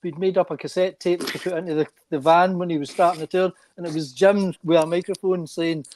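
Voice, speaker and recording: A Scottish man in his sixties with a high voice tells old stories in a loose, animated way, tripping over his own restarts and swearing as he goes. A steady hiss of noise sits under his mic. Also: a little fast. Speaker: former band member. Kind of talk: casual reminiscing chat. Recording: noisy mic line.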